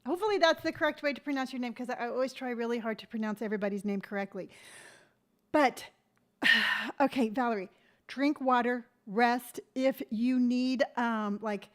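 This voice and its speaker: Chatty woman live-streaming with high voice. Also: normal speed. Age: 50s. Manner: chatty, greets viewers by name, rambling restarts. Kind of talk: casual live-stream chat.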